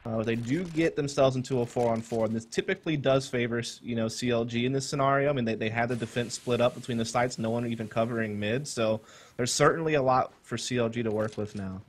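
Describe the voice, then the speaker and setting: A man casting a competitive shooter match, calmly breaking down team tactics and holding back his excitement. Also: mid-range voice. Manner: fast, analytical, holds back his excitement. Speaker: esports caster. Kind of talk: play-by-play game commentary.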